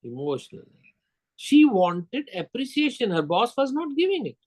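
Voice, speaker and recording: A man's voice: very high voice, very animated, normal speed, a little mellow, rough recording. Older man telling sales stories. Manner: storytelling, acts out dialogue, quizzes the audience. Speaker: sales lecturer. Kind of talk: lecture with anecdotes.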